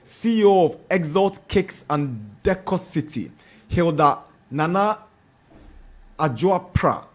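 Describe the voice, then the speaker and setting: A man with a Ghanaian English accent, hosting a sports radio show, reads out listener messages and adds quick comments. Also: a little high, animated. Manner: brisk, chatty, comments between messages. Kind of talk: reading listener messages on air.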